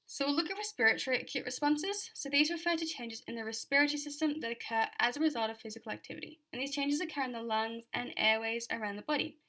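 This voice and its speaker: A woman's voice: on the high side, fast, hardly any pauses, bright, forceful tone. A young Australian woman giving a chatty exam revision lecture, full of fillers and repeated key points.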